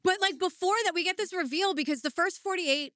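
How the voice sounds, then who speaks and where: A woman's voice: extremely high pitch, a little fast, bright, forceful tone, dry recording, clean studio sound. A woman co-hosting a true-crime podcast in casual chat, blunt and sarcastic and swearing freely. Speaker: podcast co-host.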